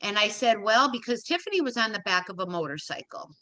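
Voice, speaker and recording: With a sing-song, mid-range voice that sounds pushed and bright, this middle-aged woman talks quickly as an interview guest. She narrates an emotional personal story, acting out conversations and repeating words for emphasis.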